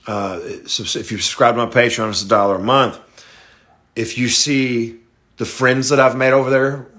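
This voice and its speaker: A man hosting a livestream, talking bluntly and profanely in a confessional rant that swings into loud, excited, laughing bursts. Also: lowish voice. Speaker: livestream host.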